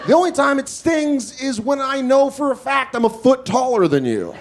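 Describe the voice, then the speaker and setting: High, lively male stand-up comedian. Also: moderate pace, a little hiss or hum. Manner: animated, self-mocking, acting out scenes.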